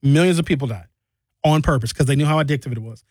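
A man giving an animated, emphatic commentary monologue with big jumps in emphasis. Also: quick pace, no room sound. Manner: animated, emphatic, jumping pitch.

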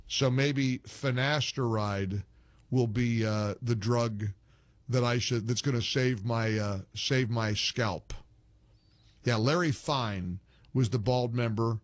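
A man's voice: mid-range voice, fairly even intonation, takes it slowly, no echo. A middle-aged man hosting a call-in radio show, rambling, joking and getting exasperated with callers. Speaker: radio talk show host.

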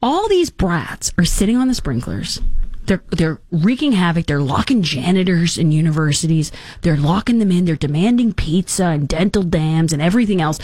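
A woman hosting a talk show, giving casual political commentary in a sarcastic, mocking and animated way. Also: on the low side, fairly quick, dry recording, clean studio sound.

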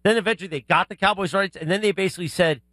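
Fast-talking male sports radio host. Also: sits high, bright, forceful tone, dry recording, studio quality. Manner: rambling, quick storytelling. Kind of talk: casual sports talk chat.

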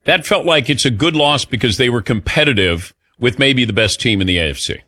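A man's voice: medium pitch, animated, fairly quick, sharp tone, no echo, studio quality. A man hosting a casual interview, teasing his guest with blunt facts. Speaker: interview host.

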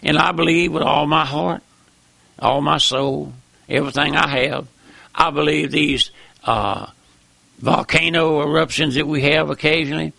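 A man's voice: fairly high pitch, steady tone, moderate pace, gravelly, pushed and bright, dry recording. An older man preaching a fiery old-time sermon, fervent, with stammering restarts and repeated calls of "my friend".

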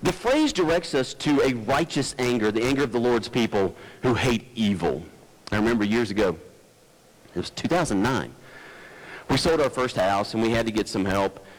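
A man's voice: medium pitch, animated, moderate pace, poor audio. Man preaching an earnest sermon. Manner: earnest preaching, rising emphatic peaks, folksy asides. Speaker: pastor.

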